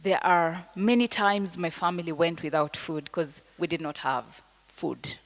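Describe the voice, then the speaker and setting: A woman with a Kenyan accent giving an inspirational speech, emphatic and slow in phrasing, sometimes dropping to a soft whisper. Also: on the low side, steady tone. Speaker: motivational speaker. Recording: reverberant hall.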